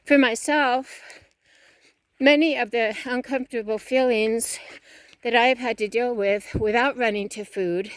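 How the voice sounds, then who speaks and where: Woman vlogging on a walk, kinda breathless, earnest and preachy, higher voice, dry close sound. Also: steady tone, a little slow, no room sound. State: slightly out of breath. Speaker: fitness vlogger. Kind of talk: motivational talk while walking. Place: outdoors.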